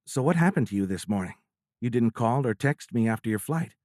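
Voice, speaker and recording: A man's voice: medium pitch, expressive, fairly quick, a little mellow, no echo, studio quality, lightly acted. A male audiobook narrator voicing a fiercely independent, playful woman who is a fighter pilot. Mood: affectionate. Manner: playful, teasing.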